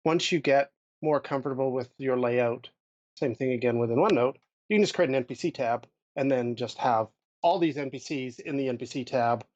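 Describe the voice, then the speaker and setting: Guy cohosting a gaming podcast, thinks out loud, lots of restarts, muffled dry audio. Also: mid-range voice, no echo. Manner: thoughtful, restarts a lot, drifts loose and slow. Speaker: podcast co-host, game master. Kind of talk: casual chat about running tabletop games.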